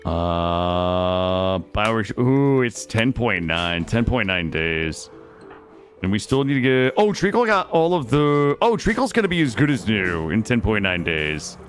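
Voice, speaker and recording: Young male game streamer, playful and chatty, animated delivery, faint music bed. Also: on the low side, a little slow. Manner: playful, chats with viewers, swears casually. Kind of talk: casual gaming stream chat.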